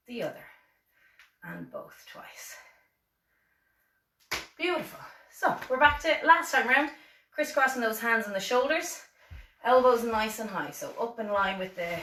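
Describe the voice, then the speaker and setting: A woman's voice: on the high side, moderate pace, a bit bright. Encouraging Irish woman leading exercises. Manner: encouraging, counting reps, brief self-deprecating asides. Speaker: fitness instructor. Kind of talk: leading a seated exercise class. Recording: echoey room, voice from far off.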